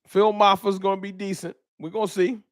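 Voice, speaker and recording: An animated man hosts a fan talk livestream, voice pitched a little high for a man. He talks in a slangy, emphatic way, repeating points as he argues. The sound is dry and close, with almost no room echo. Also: brisk. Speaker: host.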